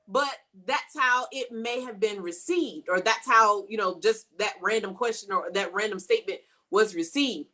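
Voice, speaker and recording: Bright-voiced woman co-hosting a chat show. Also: mid-range voice, measured pace. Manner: animated, acts out how she sounds to others. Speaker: podcast co-host. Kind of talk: casual panel discussion.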